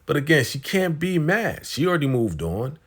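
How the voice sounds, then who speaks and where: A man's voice: a little high, very animated, normal speed. A man hosting a casual TV episode recap, retelling scenes in slangy, chatty talk and paraphrasing what the characters say. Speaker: TV recap host.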